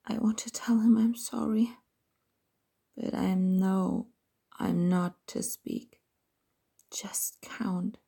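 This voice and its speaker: A woman telling a first-person erotic story as a whispered role-play, in a soft, intimate whisper. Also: medium pitch, fairly even intonation, slow pace, gravelly, long pauses, slightly rough. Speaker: narrator of an erotic audio story.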